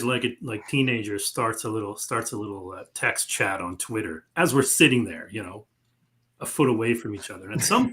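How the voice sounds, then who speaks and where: A man co-hosting a podcast who tells stories in an animated way, swearing freely and laughing as he goes. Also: mid-range voice. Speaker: podcast co-host. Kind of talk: casual podcast storytelling.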